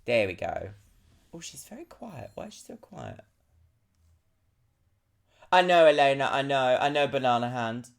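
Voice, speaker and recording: A woman streaming a game live, chatting casually and playfully, jumping now and then into high squeals. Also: expressive, measured pace, vocal fry, pauses often.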